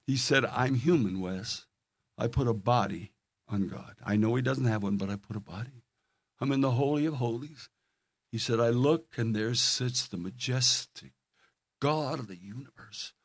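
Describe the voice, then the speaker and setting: A man's voice: medium pitch, no echo. Earnest older man preaching, dry sound. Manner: storytelling, earnest, swings from loud emphasis to hushed tones. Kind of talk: sermon.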